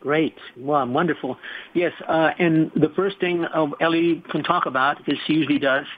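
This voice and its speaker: Male host, slightly high voice, rambling intros; tinny phone sound. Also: steady tone. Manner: rambling, with fillers and slow restarts. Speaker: show host. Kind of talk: hosting an interview show.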